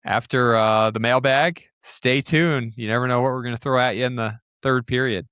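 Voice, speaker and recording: A man's voice: medium pitch, fairly even intonation, moderate pace, fairly bright tone, clear, resonant tone, dry recording, studio quality. A man co-hosting a sports podcast, upbeat and teasing in casual chat. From Utah. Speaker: podcast co-host.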